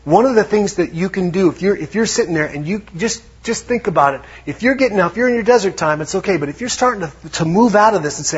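A man preaching a lively sermon, acting out little quotes as he goes. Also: high-pitched, fast, few pauses, breathy edge. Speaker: pastor. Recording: dull lo-fi sound.

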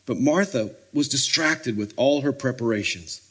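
A male preacher delivers a sermon in a husky, slightly breathy voice at an ordinary middle pitch. He tells stories with energy, slipping into characters and little acted-out scenes. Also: normal speed. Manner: animated storytelling, acting out scenes.

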